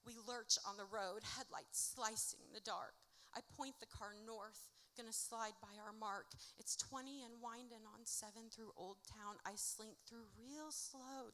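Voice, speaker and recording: A woman performing her own spoken-word poetry at a live event, with a rhythmic, dramatic delivery that swings from hushed to loud. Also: a little high. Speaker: author reading her own work. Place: indoor music venue at a live event. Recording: reverberant live venue recording.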